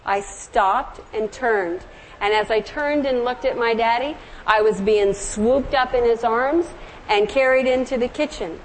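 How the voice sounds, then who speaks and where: Middle-aged southern-raised woman preaching, bit high voice, gentle storytelling, faint hiss behind. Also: unhurried, poor audio. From American South. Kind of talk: sermon with storytelling.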